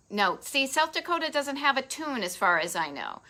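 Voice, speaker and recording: Middle-aged Boston woman, upbeat live-stream host, bright lively voice, chatty. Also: high voice, low-quality recording. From Massachusetts. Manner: bubbly, chatty, quick asides to viewers. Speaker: host of a live travel show. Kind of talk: casual live-stream chat.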